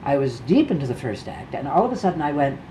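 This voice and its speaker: A woman's voice: low-pitched, big pitch swings, quick pace, mellow, a little hiss or hum, rough recording. An elderly woman in her eighties, a veteran stage actress, telling a backstage story in an interview and acting out the dialogue vividly. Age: 80s.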